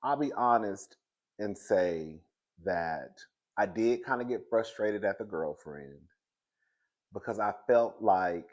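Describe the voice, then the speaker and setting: A man hosting a casual pop-culture commentary show, animated and dramatic, calling everyone "girl" and laughing often. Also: on the low side, slow.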